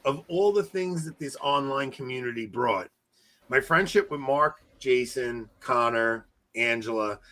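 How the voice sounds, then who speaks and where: A man in his forties co-hosting a podcast, talking loudly and excitably, joking around in casual chat. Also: mid-range voice, a little slow. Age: 40s. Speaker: podcast co-host.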